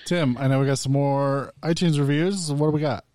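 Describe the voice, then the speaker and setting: A man co-hosting a casual podcast, cracking goofy jokes with a mock-deadpan manner. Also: medium pitch, fairly quick, no echo. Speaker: podcast co-host.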